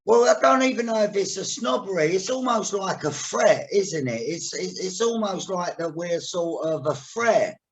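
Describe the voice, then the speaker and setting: A man's voice: high-pitched, animated, moderate pace, few pauses. A man, hosting a podcast and telling stories in a chatty way, with casual swearing. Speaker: podcast host.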